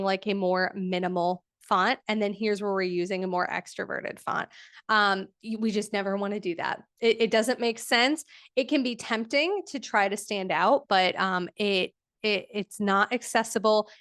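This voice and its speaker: A woman's voice: mid-range voice, steady tone, moderate pace, fairly bright tone, no room sound, clean studio sound. A woman teaching a live online design workshop, casual and chatty with lots of fillers like "um" and "like".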